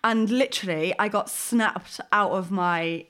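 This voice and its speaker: Animated woman telling a story. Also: medium pitch, a little slow. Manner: animated, rambling, lots of fillers. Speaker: podcast co-host. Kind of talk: casual chat, storytelling.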